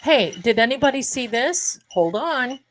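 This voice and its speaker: A woman's voice: on the high side, expressive, measured pace, a little hiss or hum. A middle-aged woman hosting a live tarot stream, chatting casually and rambling to her viewers, calling them her darlings.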